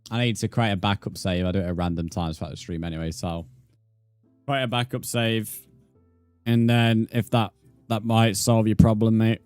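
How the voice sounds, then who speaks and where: A young man with a British accent chats easily through a live game stream, his voice sitting fairly low. He answers viewers one by one in a casual, matter-of-fact way. Soft game music plays faintly behind him. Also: moderate pace, clear, resonant tone, no room sound. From Britain. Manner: relaxed, reads chat aloud and answers viewers, says "mate". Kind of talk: casual live-stream chat while gaming.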